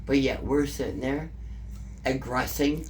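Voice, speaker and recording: A woman's voice: a bass voice, measured pace, darkish tone, a little hiss or hum. Profane, emotional Canadian woman telling a story. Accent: Canadian English. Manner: emotional, profane, repeats herself. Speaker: interviewee. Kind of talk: casual storytelling.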